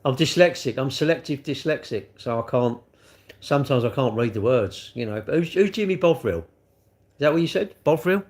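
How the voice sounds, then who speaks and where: A man's voice: mid-range voice, animated, normal speed, a little mellow. A middle-aged man talks loosely through a livestream, answering viewers as their comments come in. He rambles from one thought to the next and keeps tacking tag questions onto the ends of his sentences. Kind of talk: casual live chat answering viewer comments.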